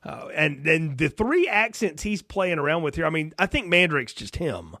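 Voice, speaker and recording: This high-voiced man co-hosts a podcast, chatting casually about films at a moderate pace. He's animated, laughs a lot and acts out lines, and the studio-quality recording has no echo.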